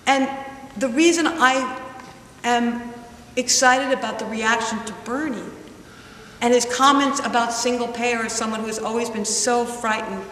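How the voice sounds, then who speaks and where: A middle-aged woman giving an emphatic public talk, telling a story and slowing down to stress her points. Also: on the high side, fairly even intonation, a bit bright. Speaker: guest speaker, former candidate. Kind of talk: public speech with anecdote. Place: large hall with an audience. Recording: echoey hall from far off, faint noise.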